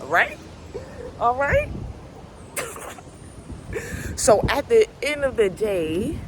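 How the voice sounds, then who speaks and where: A woman's voice: on the high side, slight background noise, low-quality recording. A woman talking casually to camera in a rambling, preachy, slangy way, outdoors near farm animals. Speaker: vlogger.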